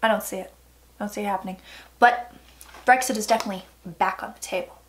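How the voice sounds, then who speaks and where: A woman's voice: mid-range voice, steady tone, fast talker. A woman psychic giving a casual tarot reading vlog, chatty and emphatic, often dropping into murmured asides.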